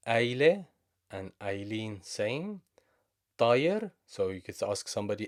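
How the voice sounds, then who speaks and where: A man with a Levantine Arabic accent teaches a language lesson. His voice sits fairly low. He speaks patiently and moves back and forth between English explanations and Arabic example phrases. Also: animated, moderate pace.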